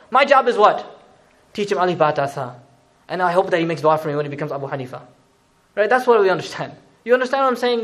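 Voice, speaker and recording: A man preaching a sermon, talking conversationally and switching between recited Arabic verses and casual English explanation with slang asides. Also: sits high. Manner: animated, uses asides and slang. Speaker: Islamic preacher.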